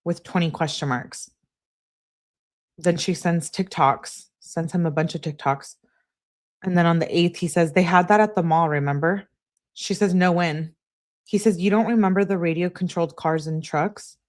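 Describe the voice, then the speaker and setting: A woman on a live stream reading text messages aloud in a steady voice, breaking off to answer her chat. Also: fairly low pitch, normal speed. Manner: flat reading, asides to chat.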